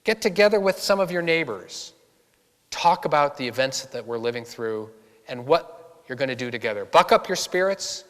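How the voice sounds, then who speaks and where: A man's voice: medium pitch, normal speed. A man from giving a talk to an audience, telling stories and acting out the voices of people he quotes. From Boston area, USA. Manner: animated storyteller, acts out quoted voices. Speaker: author giving a public talk. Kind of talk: storytelling speech to an audience. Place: church hall. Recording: long hall reverb.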